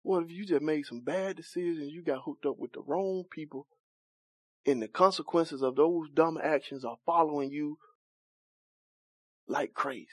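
A man's voice: a little high, moderate pace, no room sound. A man preaching a sermon, questioning and bantering with his congregation in folksy church vernacular, often laughing.

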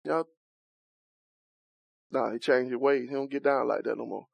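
A man's voice: mid-range voice, fairly even intonation, normal speed, creaky. A man leading an interactive Bible study, talking conversationally, questioning the group and laughing often.

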